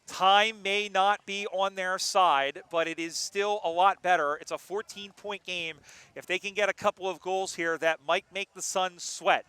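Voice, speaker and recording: A man calling an amateur football game live, joking between plays and getting excited on big moments. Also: sits high, unhurried, smooth, no echo. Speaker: play-by-play commentator. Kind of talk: live sports commentary.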